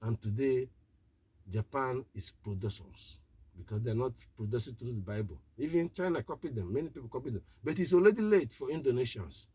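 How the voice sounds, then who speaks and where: A man speaks live on the radio as an activist, preaching in a husky, breathy voice of middle pitch. He talks in short, repeated declarations, pressing each point again and again. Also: dark tone, dry recording. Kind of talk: impassioned live political address.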